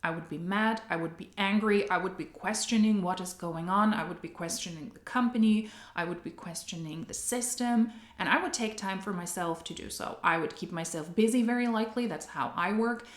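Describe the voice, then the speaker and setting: A woman's voice: mid-range voice, a little fast, hardly any pauses. Blunt woman commentator, echoey room. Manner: questioning, blunt, rhetorical. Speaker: commentary video host. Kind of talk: critical commentary.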